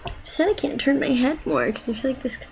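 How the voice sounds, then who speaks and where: A woman's voice: high voice, brisk, a little hiss or hum, low-quality recording. A young woman rambling playfully into her webcam at home and cooing at her pets. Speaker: vlogger. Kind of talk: casual webcam chatter.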